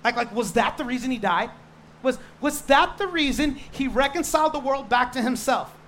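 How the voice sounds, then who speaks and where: A male pastor preaching a sermon in a lively, joking way, stressing points with quick repeated restarts. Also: very high voice, slight background noise.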